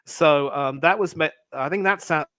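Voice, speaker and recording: A man talking as a guest on a sports chat, giving measured analysis hedged with fillers. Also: a little high, bright, forceful tone, poor audio. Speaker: guest cricket commentator. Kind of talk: casual sports podcast chat.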